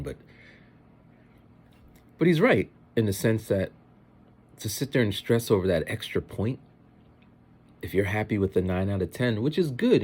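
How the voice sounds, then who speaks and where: A man who teaches, chatting in a rambling, animated way in a casual vlog. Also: low-pitched, slightly rough.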